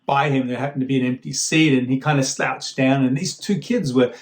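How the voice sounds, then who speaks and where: A man giving a guest sermon in a relaxed, conversational way, often repeating words as he starts a thought. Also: medium pitch, a little fast, echoey room. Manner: conversational, warm storytelling with frequent fillers and repeated starts. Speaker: guest speaker.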